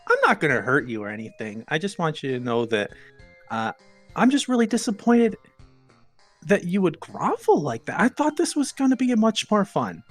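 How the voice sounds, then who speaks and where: A woman's voice: lowish voice, sing-song, normal speed, soft background music. A woman playing in a tabletop role-playing game, speaking in a mocking, teasing way. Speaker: player.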